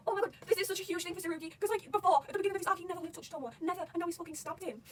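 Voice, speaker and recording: A woman talking loudly and excitedly about a manga, swearing constantly in casual fan commentary. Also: extremely high pitch, racing, few pauses, far from the mic, a little hiss or hum. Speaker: manga reaction vlogger.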